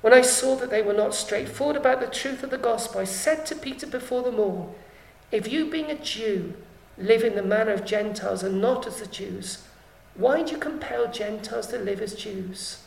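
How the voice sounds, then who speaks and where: A woman's voice: fairly high pitch, normal speed, creaky, darkish tone. Emphatic woman preacher in an echoey church. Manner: emphatic, repeated rhetorical questions. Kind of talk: sermon.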